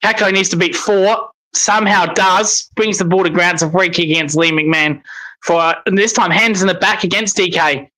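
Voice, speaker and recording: Male fan caller, bright forceful voice, excitable and sweary. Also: sits high, moderate pace, rough recording. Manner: excitable, swears in frustrated outbursts. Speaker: football fan commentator. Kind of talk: live watch-along commentary.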